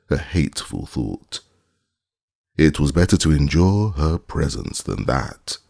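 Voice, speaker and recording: A man narrating a classic short story as an audiobook, in a measured, deliberate way. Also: a bass voice, gravelly, a little mellow, husky, dry recording, studio quality.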